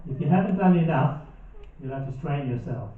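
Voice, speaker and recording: A man doing a stand-up comedy set on a theatre stage, with dry, deadpan, mock-serious delivery and audience laughter behind him. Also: a little high, fairly quick. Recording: echoey, distant, phone-like live hall recording.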